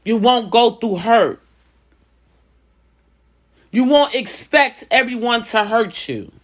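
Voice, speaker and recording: Woman vlogger, slightly high voice, chatty and preachy advice. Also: animated, slow. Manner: conversational, preachy, repeats phrases, acts out dialogue in lower voice. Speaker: vlogger giving life advice. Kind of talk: casual personal talk.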